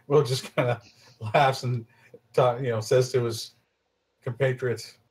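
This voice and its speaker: A man with a husky voice playing a tabletop game, describing his character's actions loudly and casually. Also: medium pitch, fairly even intonation, slow, low-quality recording. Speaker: player.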